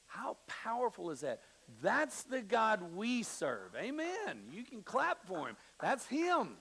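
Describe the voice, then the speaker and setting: A middle-aged male pastor preaching a sermon, shifting between hushed scripture reading and emphatic storytelling with quoted voices. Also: high-pitched, rough recording. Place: church sanctuary.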